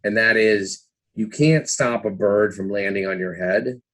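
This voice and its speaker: A man's voice: on the low side, a little slow, fairly bright tone. A man around fifty, a podcast guest telling his story casually, with lots of "you know"s and acted-out quotes of his own past thoughts. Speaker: guest, former trader and author.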